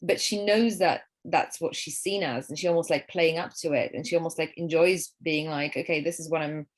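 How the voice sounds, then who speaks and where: A woman actress from Poland speaking English with a Polish accent, answering interview questions in an animated way with many fillers and repeated words. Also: low voice, normal speed.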